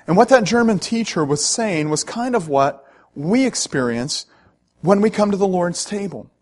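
A male pastor preaching a sermon in an earnest, emphatic way, with frequent "uh" fillers. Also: high voice.

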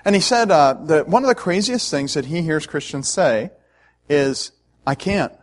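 Male pastor, sermon delivery, earnest and emphatic, somewhat high-pitched, natural fillers. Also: lively intonation, moderate pace.

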